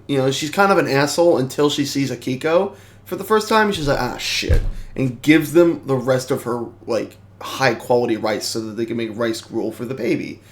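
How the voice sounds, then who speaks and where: A man giving a casual movie review, rambling, excitable and swearing freely. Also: medium pitch.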